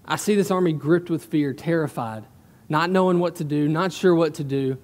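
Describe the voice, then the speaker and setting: High-voiced pastor preaching in a hall. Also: male voice, normal speed, darkish tone. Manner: conversational storytelling, emphatic asides. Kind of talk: sermon. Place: church sanctuary.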